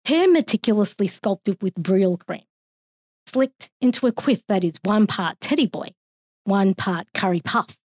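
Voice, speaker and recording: A woman with an Australian accent reading her own poem aloud in a measured, expressive way. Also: medium pitch, no echo, clean studio sound.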